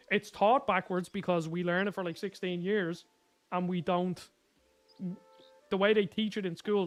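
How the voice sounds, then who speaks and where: A young man with a Dublin Irish accent chatting casually as a gaming YouTuber, rambling with lots of fillers and self-corrections. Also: high-pitched. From Ireland. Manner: rambling, filler-heavy, often restarts and corrects himself. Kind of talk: casual chat.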